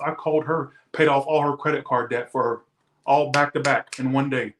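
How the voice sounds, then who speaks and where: A man's voice: mid-range voice, fairly even intonation, brisk, fairly bright tone, echoey room, slight background noise. A man reading tarot who rants defensively and emphatically to his viewers in casual talk. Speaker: tarot reader.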